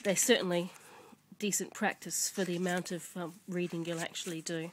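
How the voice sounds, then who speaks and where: A woman's voice: fairly low pitch, little pitch movement, moderate pace, a little hiss or hum. A woman, a native English speaker, casually showing children's books at home to a camera mic, chatty and rambling with many fillers and restarts. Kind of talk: casual show-and-tell chat.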